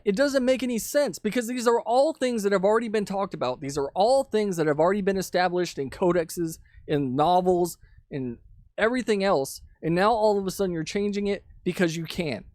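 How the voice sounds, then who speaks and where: A man's voice: sits high, a little mellow, no echo, clean studio sound. A man hosting his own commentary channel, ranting with profane, sarcastic indignation into a mic with a pop filter. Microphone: studio mic with pop filter.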